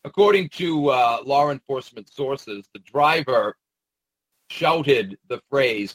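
Male commentator, mocking and rambling, raspy edge, animated pitch. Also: moderate pace, no room sound, rough recording. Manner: sarcastic, mocking asides; rambling with frequent hesitations. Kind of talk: casual monologue commentary.

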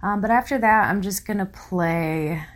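A worn-out woman hosting her own show, talking in a halting way with nervous laughs, close to tears. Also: mid-range voice. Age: young adult to middle-aged parent. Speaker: podcast host. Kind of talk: casual solo commentary reading listener comments.

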